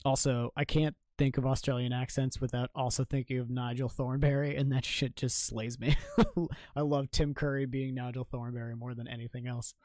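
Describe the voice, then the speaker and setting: A man's voice: medium pitch, flat delivery, normal speed, darkish tone, dry recording. A young man from Maine chatting casually on a live game stream. He reacts to chat with jokes and swears freely. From Maine, United States.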